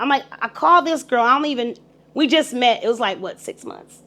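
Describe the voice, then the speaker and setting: A middle-aged woman telling her story on a podcast in a casual, animated, profane way, acting out the voices of the people in it. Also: high voice, fairly quick. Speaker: guest.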